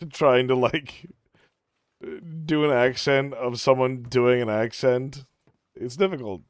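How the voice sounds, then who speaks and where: A man's voice: medium pitch, fairly even intonation, slow pace, clean tone, dry recording. A man streaming live in a casual chatty way, joking and laughing often.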